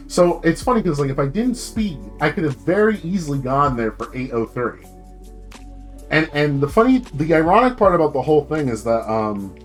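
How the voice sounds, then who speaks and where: A young man streaming as a VTuber, ranting casually about his job and swearing freely, with laughs and sudden jumps in pitch.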